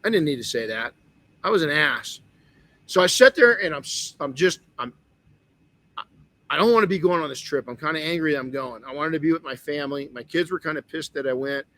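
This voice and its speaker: A man's voice: on the high side, expressive, quick pace, sharp tone, no echo. Earnest middle-aged man telling a story. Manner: earnest, storytelling, with frequent restarts. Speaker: podcast host. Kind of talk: motivational podcast talk.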